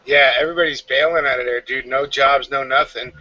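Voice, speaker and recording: A man's voice: mid-range voice, fairly even intonation, brisk, sharp tone. A man in casual chat who talks in an easygoing way and laughs along. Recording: dull podcast audio with faint room noise.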